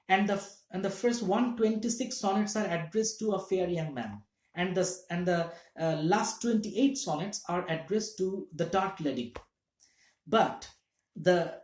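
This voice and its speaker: A man's voice: high-pitched, a little mellow. A man teaching literature in a classroom-lecture style, explaining step by step and checking in with his listeners. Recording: echoey room.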